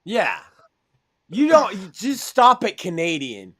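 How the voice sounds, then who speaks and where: Male podcast co-host, crude and brash, high register, loves mocking impressions. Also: huge pitch swings, takes it slowly, bright, forceful tone, slightly rough. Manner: brash, profane, mocking mimicry. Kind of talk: crude comedic podcast banter.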